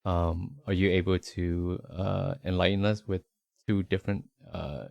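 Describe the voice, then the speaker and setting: A man's voice: sits low, little pitch movement, measured pace, vocal fry, a little mellow, dry recording, dull audio. A man co-hosting a casual podcast, asking curious questions and reacting eagerly. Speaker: podcast co-host. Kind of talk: casual chat, interviewing.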